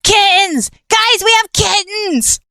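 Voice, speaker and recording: A woman voicing an excitable young male skeleton who coos and pleads over kittens. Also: extremely high pitch, slow pace, no echo, studio quality, voice pushed up, exaggerated voice. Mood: excited. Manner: gushing, squealing, pleading.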